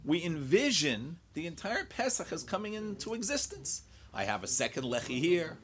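A man's voice: on the high side, big pitch swings, moderate pace. A man teaching a Talmud lecture. He mixes English with Hebrew and Aramaic study terms and thinks aloud in rhetorical questions, often repeating words.

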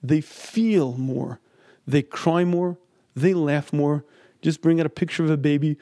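A middle-aged man gives an emphatic Talmud lesson, his voice a touch higher than most men's but mellow and warm. He is recorded close and dry, with no room sound. He drops into quoted voices to make his points. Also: a little slow, no room sound. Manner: emphatic, acts out quoted speech. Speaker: Talmud teacher. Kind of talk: lecture on Talmud and marriage.

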